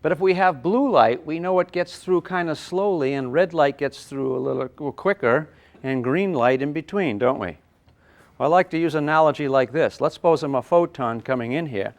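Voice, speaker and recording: An older man teaching a physics class, lively and playful, with sound effects and acted asides. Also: on the high side, fairly quick. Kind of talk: classroom lecture at a whiteboard.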